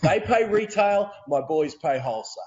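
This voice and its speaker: A man with an Australian accent, a real estate coach telling stories as a guest on a video call, energetic and laughing as he goes. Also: fairly high pitch, moderate pace, highs cut off. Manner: energetic, laughing, repeats words. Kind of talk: animated storytelling.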